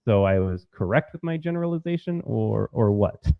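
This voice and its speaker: A man's voice: lowish voice, expressive, moderate pace, creaky, no echo, phone-quality sound. A man hosting an opinionated political commentary, talking emphatically to his viewers and repeating his points.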